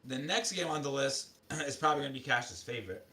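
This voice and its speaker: A man's voice: mid-range voice, lively intonation, brisk, a crowd in the background. A man co-hosting a casual gaming podcast, reading game news aloud and adding offhand comments. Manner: reads listings aloud with asides. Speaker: podcast co-host.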